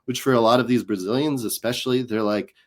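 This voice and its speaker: A man's voice: medium pitch, quick pace. A man, a comedian guest on an interview show, telling stories in casual chat and acting out the voices of people he quotes. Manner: animated, acts out quoted voices.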